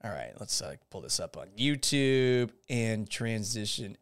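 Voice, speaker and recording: Lively, smooth-voiced male stream host. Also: fairly low pitch, unhurried, few pauses. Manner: profane, rambling, sarcastic. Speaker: podcast host. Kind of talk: casual live-stream commentary.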